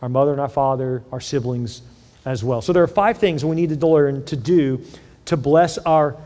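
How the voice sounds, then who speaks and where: A middle-aged man preaching a sermon as a pastor, conversational and animated, often repeating words as he tells stories. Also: mid-range voice, normal speed. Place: large church hall. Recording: long hall reverb.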